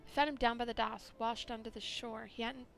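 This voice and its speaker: A woman's voice: fairly high pitch, fairly even intonation, brisk, creaky, a bit bright, a little hiss or hum. A woman voicing a stern grieving widow who speaks formally and dismisses superstition. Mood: mournful. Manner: formal, prim.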